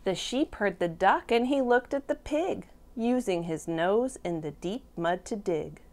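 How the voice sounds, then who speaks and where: A woman teacher reading a picture book to toddlers, slow and expressive, stopping to ask the children questions. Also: medium pitch. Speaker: preschool teacher. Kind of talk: storybook read-aloud for toddlers.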